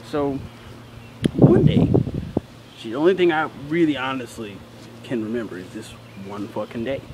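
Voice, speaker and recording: A man's voice: medium pitch, moderate pace, darkish tone, a little hiss or hum. A teenage boy telling a childhood story in a casual, profane, indignant way. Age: teens.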